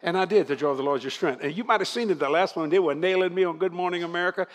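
A man's voice: sits high, rapid-fire. An older man preaching to a congregation, joking and laughing as he goes. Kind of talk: church sermon.

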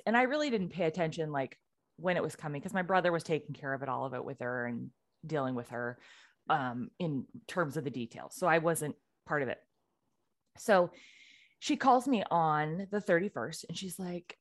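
In a relaxed podcast conversation, this woman co-host speaks at a moderate pace in a low voice, bringing her story to life by performing the quoted lines.

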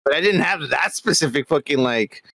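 A man's voice: a little high, lively intonation, moderate pace, sharp tone, dry recording. A man co-hosting a casual podcast, laughing and talking loosely and profanely. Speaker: podcast co-host. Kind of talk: casual drunk podcast banter.

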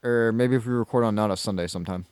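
Low smooth voice, podcast guy, kinda halting. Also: a little mellow, no room sound. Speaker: podcast co-host. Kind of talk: casual chat.

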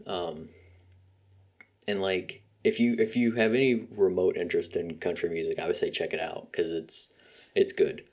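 A man's voice: deep voice, flat delivery, moderate pace, darkish tone, slightly rough. A young man hosting a podcast, rambling casually about music with lots of fillers and swearing. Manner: rambling, profane, frequent fillers. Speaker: podcast host.

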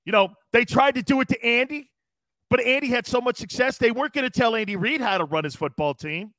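A man's voice: extremely high pitch, fairly quick, fairly bright tone, dry recording. A man hosting a sports talk show, riffing casually, reading comments aloud and laughing often. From East Coast US. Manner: brash, jokey, reads chat comments aloud and laughs often.

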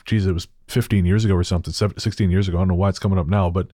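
A man co-hosting a podcast, talking in a halting way with restarts and self-deprecating laughs. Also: low-pitched, fairly even intonation, mellow, dry recording, studio quality. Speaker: podcast co-host. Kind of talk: casual chat.

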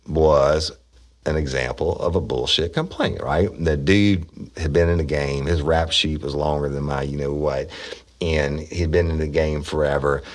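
A middle-aged man, a former police officer, telling rambling, profane stories in casual talk. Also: very deep voice. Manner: rambling, profane, with frequent restarts. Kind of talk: casual storytelling.

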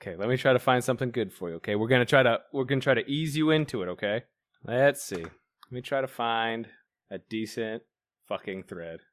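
A man's voice: mid-range voice, brisk, no echo. A man co-hosting a casual talk show, talking crudely and chuckling while he browses online content. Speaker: co-host reacting to online content. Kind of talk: casual profane chat.

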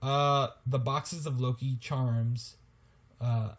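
A man's voice: mid-range voice, steady tone, takes it slowly. A young man co-hosting a podcast in casual chat, joking and laughing often. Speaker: podcast co-host.

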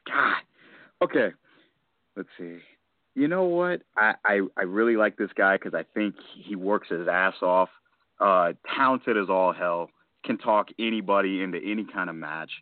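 A man's voice: low-pitched, moderate pace, no echo. A man co-hosting a casual wrestling podcast, thinking aloud with a laugh in his voice. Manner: lively, laughing, thinking out loud. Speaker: podcast co-host. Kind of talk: casual wrestling fantasy draft chat. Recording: tinny phone-line audio, dry.

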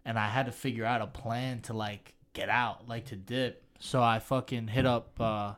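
A man at an ordinary middle pitch, chatting loosely on a podcast. He talks in relaxed slang with casual swearing and tells stories from his own life. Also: moderate pace. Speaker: podcast co-host. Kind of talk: casual chat.

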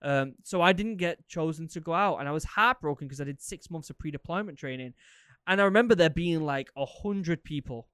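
Podcast host in his thirties, a rambling, animated storyteller with a smooth, clear voice. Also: fairly high pitch, no room sound, clean studio sound. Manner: rambling, animated, lots of fillers and repeats. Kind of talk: casual storytelling, answering listener questions.

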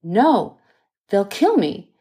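A woman voicing a panicked elderly male banker who shouts urgent orders, in an audiobook. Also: mid-range voice, very animated, extremely slow, husky, voice pushed up, heavily acted.

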